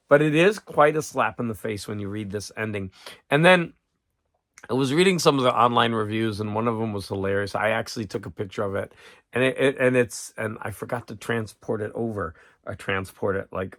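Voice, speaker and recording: A man's voice: medium pitch, sharp tone, no room sound, studio quality. A man hosting a casual, rambling chat about books he has read, often breaking off and restarting his sentences. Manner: rambling, self-interrupting, chuckling. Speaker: channel host.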